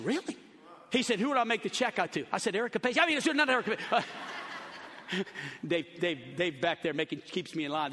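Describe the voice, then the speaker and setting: A man preaching a sermon to his church, telling stories and acting out the voices of the people in them, shouting at the high points. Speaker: pastor. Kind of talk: sermon storytelling. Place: large church auditorium. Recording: long hall reverb.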